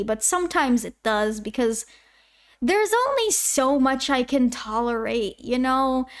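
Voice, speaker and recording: A twenty-year-old woman from Canada, a YouTube animator, chatting casually on a livestream as she answers chat questions in a rambling way. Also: fairly high pitch. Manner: chatty, rambling, self-interrupting.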